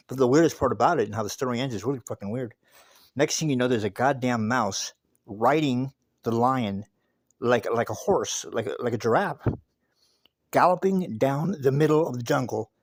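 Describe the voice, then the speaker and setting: A man tells a story in a loose, spoken monologue. He is emphatic and swears often, restarting with repeated words. His voice sits in a middle pitch and sounds dry and close. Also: no echo. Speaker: speaker telling a story.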